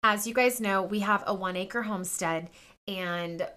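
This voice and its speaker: A woman's voice: mid-range voice, measured pace, pushed and bright, smooth. A woman in her thirties hosting a podcast, telling a personal story in a chatty way, full of fillers and quoted dialogue. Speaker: podcast host. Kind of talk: casual personal talk to listeners.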